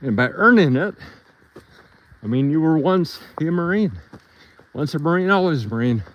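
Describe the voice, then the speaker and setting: A man talks casually to his viewers while walking his dogs along a trail outdoors, rambling from one story to the next. He sounds slightly out of breath. His voice sits a little high and swings widely up and down as he talks. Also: expressive, normal speed, lo-fi sound. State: a bit out of breath from hiking.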